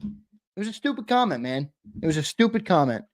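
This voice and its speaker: A man's voice: high voice, big pitch swings, a little fast, no echo, studio quality. Blunt, opinionated sports talk man. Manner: blunt, opinionated, repeats his point. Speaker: sports podcast co-host. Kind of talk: heated sports talk chat.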